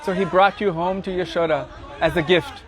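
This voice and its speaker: A man's voice: high-pitched, steady tone, moderate pace, close to an everyday voice. A man voicing a group of teasing village boys who mock their friend, outdoors with faint crowd sounds. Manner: mocking, gossipy. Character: teasing band of young cowherd boys.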